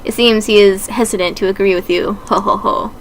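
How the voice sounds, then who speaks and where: A woman voicing a calm, cold and sinister male doctor in a game, speaking in a soft, measured, condescending way. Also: medium pitch, a little hiss or hum, natural voice, rough recording. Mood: smug.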